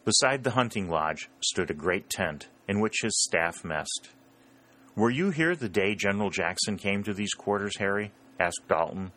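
A man with a very low voice narrates a historical novel. His reading is steady, and the characters' dialogue comes out a little higher. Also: moderate pace. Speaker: audiobook narrator. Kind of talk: scripted narration.

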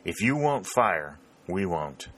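A calm Union colonel, generous and measured, speaking with quiet authority, as a man narrates him. His voice is deep and low, with a bright, firm tone. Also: heavily acted.

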